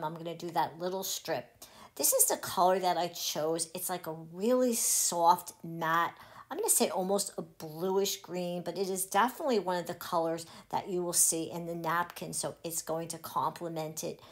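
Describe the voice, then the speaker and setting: Cheerful woman teaching a craft. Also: on the low side. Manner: cheerful step-by-step instructing. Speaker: crafting channel host. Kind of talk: craft tutorial voice-over.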